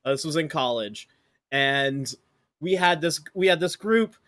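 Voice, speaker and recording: A man's voice: on the high side, expressive, measured pace, fairly bright tone. Easygoing man in a podcast chat. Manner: easygoing, reacts with short exclamations. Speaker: podcast co-host. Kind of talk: casual chat.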